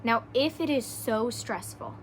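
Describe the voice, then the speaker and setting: A woman's voice: a little high, animated, unhurried, a little hiss or hum. A woman hosting a podcast, talking earnestly in a casual way and giving relationship advice, often tagging her points with "right?". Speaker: podcast host. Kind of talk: casual solo podcast talk.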